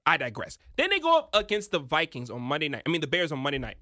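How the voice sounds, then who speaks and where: A young man with a high, bright voice talks football picks with wide swings in pitch. He is emphatic and builds to excited near-shouts. The sound is close and dry. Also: fast, no echo. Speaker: sports betting analyst. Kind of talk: animated sports betting talk.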